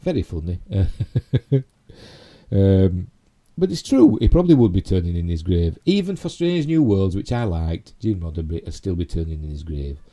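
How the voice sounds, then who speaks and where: Man, Yorkshire accent, very dark mellow tone, rambling live stream chat, tag questions. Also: sits low, big pitch swings, normal speed. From Yorkshire, England. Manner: rambling, full of "you know" and tag questions. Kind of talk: casual live stream commentary on geek news.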